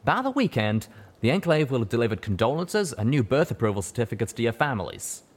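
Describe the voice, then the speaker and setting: A man voicing a gruff, blunt cowboy pegasus stallion with a folksy drawl. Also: mid-range voice, big pitch swings, quick pace, pitched above the performer's own voice. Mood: firm.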